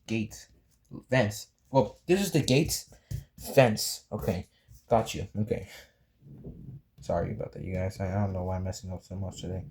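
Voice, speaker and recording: A man's voice: on the low side, a little mellow. A young man chatting casually as he draws, rambling and apologetic, full of fillers and restarts. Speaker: drawing tutorial creator. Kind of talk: casual drawing tutorial chat.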